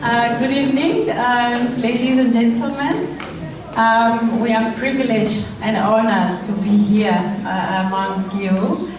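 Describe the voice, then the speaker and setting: A middle-aged woman from Rwanda with a French accent, giving a halting speech as a charity founder at a gala. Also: on the high side, steady tone, noisy background. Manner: halting, with many fillers. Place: event hall. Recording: roomy hall audio from far off.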